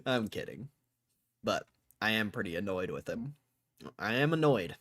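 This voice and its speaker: A man's voice: on the low side, animated, moderate pace, a bit bright, no echo. A man livestreaming stock market commentary, thinking aloud in a casual way and swearing freely as he mock-rants. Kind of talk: casual live-stream commentary.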